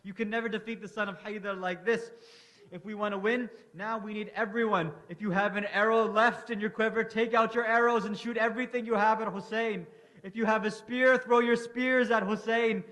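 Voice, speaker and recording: A man's voice: high-pitched, fairly even intonation, a little fast, fairly bright tone. A man voicing a ruthless enemy commander. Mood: commanding.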